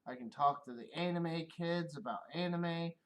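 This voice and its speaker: A man's voice: on the high side, moderate pace. A middle-aged man on a casual livestream, rambling and swearing, often laughing at his own stories. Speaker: streamer.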